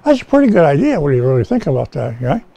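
A man's voice: fairly high pitch, very animated, quick pace, vocal fry, warm tone, dry recording, dull audio. A male pastor teaching from the Bible in a folksy, conversational way, often checking in with his listeners. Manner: folksy and conversational, asks "okay?" often, many restarts. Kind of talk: informal Bible-teaching sermon. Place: rescue mission chapel.

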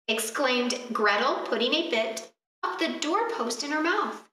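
A woman reading a fairy tale aloud at a library storytime, expressive and asking the children questions along the way, heard from a distance in an echoey room. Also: fairly high pitch, a little slow.

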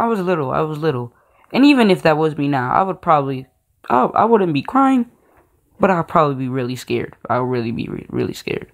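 A man's voice: fairly high pitch, animated, fairly quick. A man telling a personal story in a casual, slangy, rambling way, with many fillers and restarts. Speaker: storytime vlogger.

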